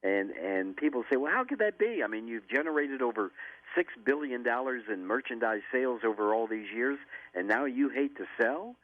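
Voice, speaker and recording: A man's voice: mid-range voice, expressive, moderate pace, no room sound. Older guy on a phone line, earnest, repeats himself a lot, pretty dry sound. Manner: earnest, repeats words when starting a thought. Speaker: guest. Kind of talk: radio interview.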